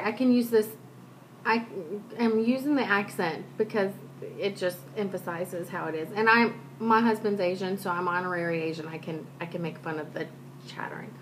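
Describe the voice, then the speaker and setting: A woman talks straight to her vlog audience, rambling through a personal story with self-deprecating asides and many restarts. Her voice sits at an ordinary middle pitch, with a faint hiss in the background. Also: moderate pace. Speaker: vlogger. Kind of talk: casual chat, personal storytelling.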